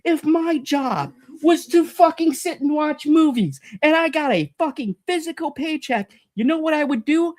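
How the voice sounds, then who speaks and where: A woman with a high voice that leaps all over as she rants, swearing constantly. She stammers and restarts when she gets heated, slipping into mocking sing-song impressions of the people she is railing against. The delivery is a casual, angry commentary-channel tirade. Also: darkish tone. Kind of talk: profane comedic rant.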